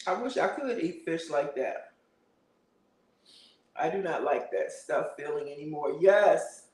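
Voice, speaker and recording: Host type: high-pitched man, chatty live streamer who laughs a lot, sitting back from the mic. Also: unhurried, a little mellow, far from the mic, a little hiss or hum. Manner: chatty, laughs often, answers viewer comments. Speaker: livestream host. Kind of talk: casual livestream chat. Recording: roomy, a bit off-mic.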